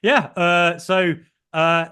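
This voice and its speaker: A man's voice: high-pitched, fairly even intonation, takes it slowly, bright, forceful tone, clean tone. A young man co-hosting a casual podcast, telling a long story in a rambling way with frequent ums and restarts. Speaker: podcast co-host.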